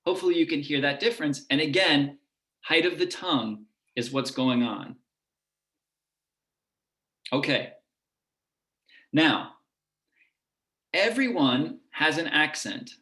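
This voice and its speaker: Lecturer, male, lower Midwest accent, slightly high voice, explanatory delivery, echoey room. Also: lively intonation, slow pace, long pauses, bright, forceful tone. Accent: lower Midwest American. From United States. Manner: explanatory, demonstrating vowel sounds. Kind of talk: online lecture.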